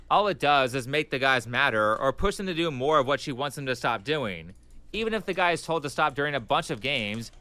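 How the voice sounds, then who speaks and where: A man reading scripted video narration in an even, read-out manner. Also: medium pitch.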